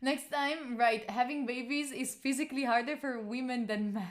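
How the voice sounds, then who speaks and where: Her voice is fairly high and her pace moderate; she's an Italian livestreamer in her twenties speaking English with an Italian accent. Frank and animated, she swears freely while going through and answering chat.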